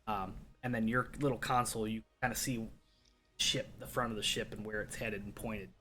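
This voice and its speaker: A man's voice: on the low side, steady tone, normal speed, bright, forceful tone, faint music behind. A man running a sci-fi tabletop game as game master, explaining scenes with many fillers.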